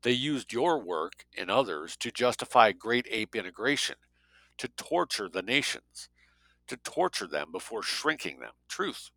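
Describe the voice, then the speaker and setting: A man voicing a blunt, sardonic male financier in an audiobook, with a gravelly voice. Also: lowish voice, big pitch swings, a little slow, pushed and bright, dry recording, full character voice, poor audio.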